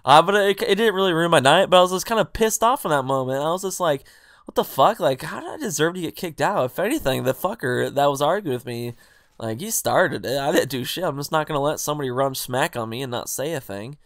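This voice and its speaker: A man's voice: a little high, fast, dry recording, studio quality. A young man in a casual storytime vlog, rambling and swearing as he retells a party argument with quoted back-and-forth. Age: young adult. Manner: rambling, profane, animated retelling with quoted dialogue. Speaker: vlogger.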